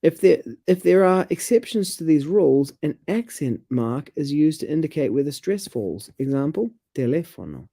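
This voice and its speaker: A man, chatting casually about language and reading passages aloud with halting restarts. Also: a little high, lively intonation, warm tone, no echo.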